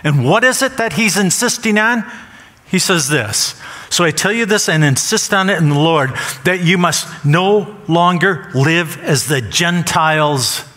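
A man delivers a sermon with a bright, forceful edge, his voice sitting a bit higher than most men's. He presses his points by saying them again and again. The sound carries a long reverb from a church sanctuary. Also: lively intonation, unhurried. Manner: emphatic, repeats phrases for stress. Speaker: pastor.

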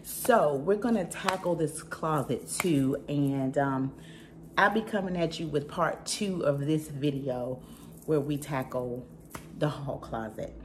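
A middle-aged woman with a Southern American accent and a notably low voice talks through a home haul vlog. She is chatty and emphatic and speaks straight to her viewers, with a faint ambient hum behind her. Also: darkish tone. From Southern United States. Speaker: channel host.

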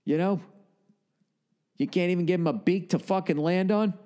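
A man hosting his own show, riffing through a loose comedic monologue full of swearing and tangents. His voice sits a bit high, and the delivery is casual and rambling. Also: normal speed, warm tone. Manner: rambling, profane, rants. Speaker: podcast host.

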